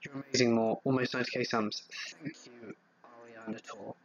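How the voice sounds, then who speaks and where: A man's voice: medium pitch, brisk. Man, Southeast English accent, casual live-stream chat, rambling, muffled lo-fi sound. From England. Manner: relaxed, rambling, reads viewer comments aloud and answers them with fillers.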